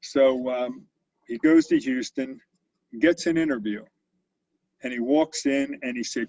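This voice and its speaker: Gravelly-voiced man in his sixties. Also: mid-range voice, wildly swooping pitch, measured pace, long pauses, a little mellow. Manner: anecdotal, conversational, with frequent fillers and restarts. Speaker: company CEO, interview guest. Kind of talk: storytelling in an interview. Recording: dull lo-fi audio.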